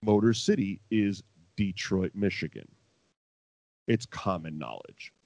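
A man's voice: deep voice, very animated, a little slow, vocal fry, a little mellow, no room sound. A man co-hosting a podcast, chatting casually about old wrestling and rambling with profanity and laughing asides. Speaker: podcast co-host. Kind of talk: casual wrestling recap chat. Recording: dull lo-fi dry sound.

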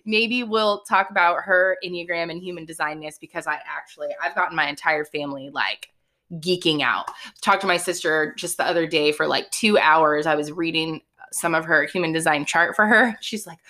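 A woman hosting her own podcast, talking casually and excitably to listeners, with lots of fillers and quick "okay?" asides. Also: lowish voice. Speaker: podcast host. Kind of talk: casual solo podcast talk.

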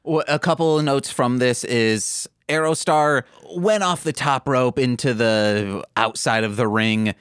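A man's voice: medium pitch, a little slow, few pauses, a bit bright, clear, resonant tone, no echo, clean studio sound. A man co-hosting a podcast in casual chat, joking around and slipping into silly voices. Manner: goofy, jokey, slips into silly voices. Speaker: podcast co-host.

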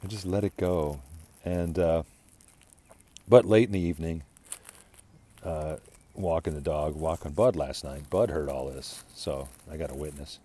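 A man hosting a podcast, talking in a casual, rambling monologue that is animated and exasperated, full of restarts and asides. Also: rumbling low, a little slow, pauses often, husky. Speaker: podcast host.

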